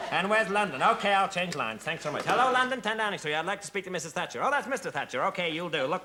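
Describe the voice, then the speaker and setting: A man playing a brash newspaper editor, barking rapid-fire into several phones in a sketch. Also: high-pitched. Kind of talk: fast sketch comedy on phones. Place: TV studio with live audience. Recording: studio audience laughing, noisy 1970s TV audio.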